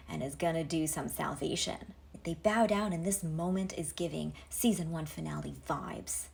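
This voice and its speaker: A woman's voice: deep voice, moderate pace, gravelly, darkish tone. A woman giving a comedic retelling to camera, wry and sarcastic, full of pop-culture asides. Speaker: comedic storyteller.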